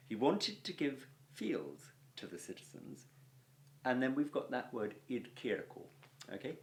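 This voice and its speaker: A man with an English accent who teaches Latin, patiently explaining textbook exercises and checking in with "okay" as he goes. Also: lowish voice. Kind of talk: walking through textbook exercises.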